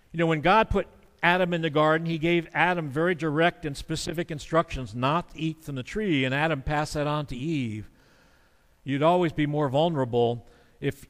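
A man's voice: fairly high pitch, a bit bright, long reverb tail. A man preaching a sermon in an earnest, conversational way, now and then acting out the quotes he discusses. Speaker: pastor.

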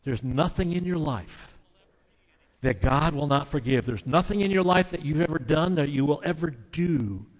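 A male pastor preaching a sermon, earnest and emphatic, dropping suddenly to soft, quiet phrases. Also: on the high side, animated, normal speed, in a large hall, rough recording.

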